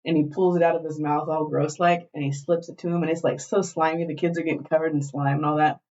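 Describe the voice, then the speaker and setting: A woman co-hosting a podcast, retelling a show in animated, profane casual chat. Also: sits low, fast talker. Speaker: podcast co-host. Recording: dull lo-fi glitchy recording.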